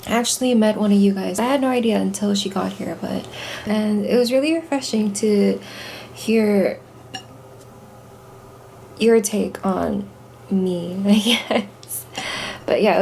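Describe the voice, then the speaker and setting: A woman vlogging casually at home, tired and a little rough-voiced, talking softly with lots of fillers. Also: medium pitch, slight background noise, poor audio. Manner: soft-spoken, relaxed, chatty with fillers. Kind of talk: casual vlog talk. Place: home, indoors.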